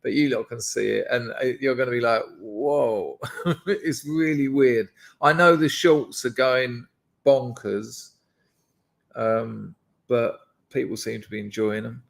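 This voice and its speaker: A man's voice: mid-range voice, steady tone, unhurried, creaky. A man hosting a casual live stream, rambling and chatting to his viewers with self-deprecating asides. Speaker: livestream host.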